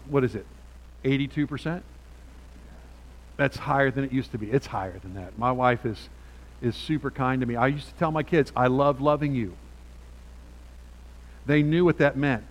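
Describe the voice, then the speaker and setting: A man's voice: mid-range voice, slight background noise, rough recording. A middle-aged man, a pastor, preaching a sermon in a church with repetitive, rising bursts of emphasis. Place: church sanctuary.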